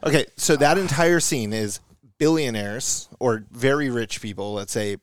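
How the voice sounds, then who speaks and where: A man's voice: mid-range voice, moderate pace, smooth, no room sound. Co-host, man, blunt and critical, dry close sound. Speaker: podcast co-host. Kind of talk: casual podcast chat.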